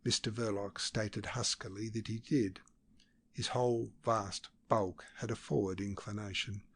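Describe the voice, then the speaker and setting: A man narrating a classic novel as an audiobook, in a steady, measured reading. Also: fairly low pitch, slightly rough.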